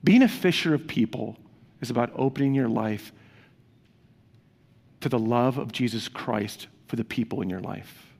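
A man's voice: medium pitch, moderate pace, gravelly, pauses often, a little mellow, slightly rough. A man preaching a sermon as a pastor, speaking earnestly and conversationally to his congregation. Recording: long reverb of a large hall.

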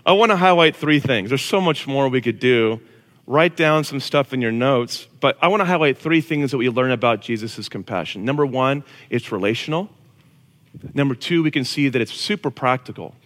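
Animated preacher in an echoing hall. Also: male voice, medium pitch, normal speed. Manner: casual, animated preaching with slang. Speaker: pastor. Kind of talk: sermon. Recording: long reverb of a large hall.

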